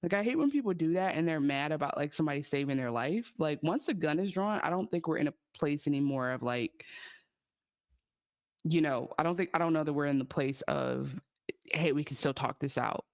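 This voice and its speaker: A podcast co-host who talks with a fairly high voice and keeps circling back to restart his thoughts. His eager, loose chat sounds close and dry, with no room echo. It comes across as a relaxed TV recap between friends. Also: fairly quick. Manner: rambling, many restarts, enthusiastic.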